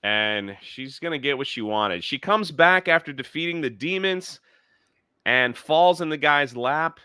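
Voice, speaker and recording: A man's voice: fairly high pitch, animated, measured pace, pushed and bright, clear, resonant tone, no echo, clean studio sound. A man hosting a casual review chat, dismissive and critical as he recaps the plot. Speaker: show host.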